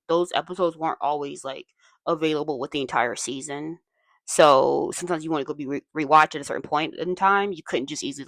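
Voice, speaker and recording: This woman's voice sits on the low side and is a little bright, with no echo in the recording. Hosting a casual commentary video essay, she talks chattily and goes off on frequent tangents, sounding slightly weary and strained.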